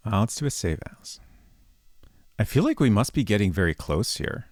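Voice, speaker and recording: A man's voice: on the low side, sing-song, normal speed, darkish tone, a little hiss or hum. A man streaming a text adventure game, chatting casually and thinking aloud as he plays. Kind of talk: casual live-stream commentary.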